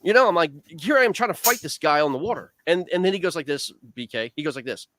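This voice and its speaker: A man's voice: fairly high pitch, fast talker, a little hiss or hum. A man on a video call, telling a long fishing story in a casual, rambling way, full of "man" and "dude". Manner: rambling, animated, lots of fillers like "man" and "dude". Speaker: guest angler.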